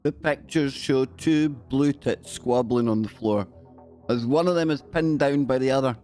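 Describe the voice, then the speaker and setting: A man's voice: medium pitch, measured pace, a little mellow. Guy on a live stream, cheeky and jokey, laughing at his own puns, bit of music faint in the back. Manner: cheeky, joking, often laughing. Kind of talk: comic news chat on a live stream.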